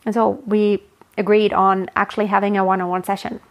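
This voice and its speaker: A woman's voice: medium pitch, flat delivery, a little fast. A woman voice coach talking through a solo podcast episode, chatty and explanatory, often restarting mid-phrase.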